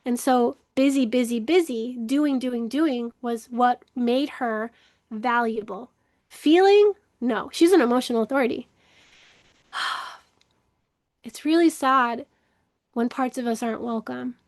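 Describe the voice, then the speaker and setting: A woman hosting a spoken webinar, talking earnestly and emotively, often acting out inner voices, with restarts and soft laughs. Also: a little high, fairly even intonation, a little slow, no echo, studio quality. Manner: acts out inner dialogue in shifting voices. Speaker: webinar host, creativity coach. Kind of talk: casual spoken webinar talk.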